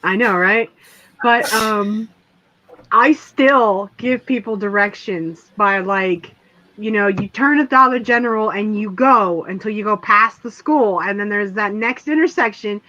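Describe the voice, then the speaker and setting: A woman's voice: mid-range voice, measured pace, pushed and bright. Woman, casual livestream chat, rambling, lo-fi dull mic. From rural area. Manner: rambling, chatty, lots of "like".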